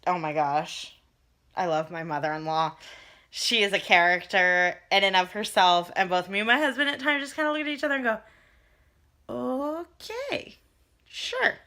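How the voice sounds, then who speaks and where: Young woman, bright chatty vlogger voice, rambling casual update with frequent ums. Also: on the low side, fairly quick. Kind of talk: casual pregnancy update vlog.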